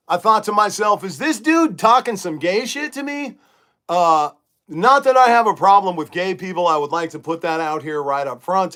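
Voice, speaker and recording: A man's voice: fairly high pitch, fairly bright tone. A middle-aged man hosting a casual livestream from his bedroom, talking emphatically and reading viewer comments aloud. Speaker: livestream host. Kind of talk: casual live-chat monologue.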